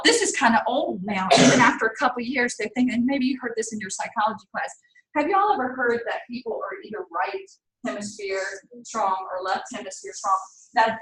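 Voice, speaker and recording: An older woman teacher with a Southern US accent and a fairly bright, higher voice lectures her class. She's chatty and digressive and laughs often, picked up by a roomy, distant classroom mic.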